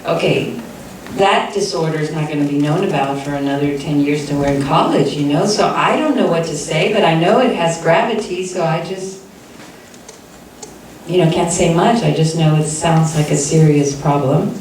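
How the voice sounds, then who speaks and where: A woman from South Texas telling a personal story to a live audience as host, animated and acting out other people's voices. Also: deep voice, normal speed, a little hiss or hum. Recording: echoey live room from a distant mic.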